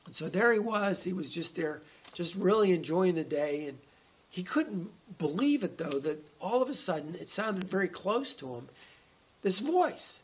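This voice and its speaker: A man's voice: high-pitched, sing-song, normal speed, slightly rough. A man preaching a conversational online sermon as a pastor, often restarting his phrases as he talks. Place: church.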